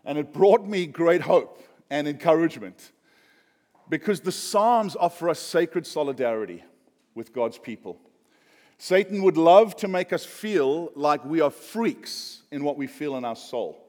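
A man's voice: fairly high pitch, animated, unhurried, darkish tone. A man preaching a conversational sermon, joking and chatty with frequent fillers. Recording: long hall reverb.

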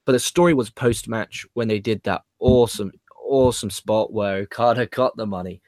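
A man's voice: on the low side, normal speed, darkish tone, no room sound, clean studio sound. A man hosting a casual wrestling chat, who swears freely and laughs at his own jokes. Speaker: podcast host.

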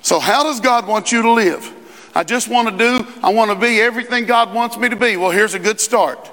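High-voiced preacher in a big hall. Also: male voice, sharp tone. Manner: conversational preaching, quick asides, rising emphasis. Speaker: pastor. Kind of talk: sermon. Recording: long reverb in a large hall.

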